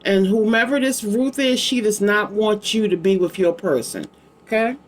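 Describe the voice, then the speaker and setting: A woman's voice: medium pitch, moderate pace. Chatty woman doing a psychic card reading. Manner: chatty, rambling, affectionate asides to her child. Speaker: psychic tarot reader. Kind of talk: casual live card-reading vlog.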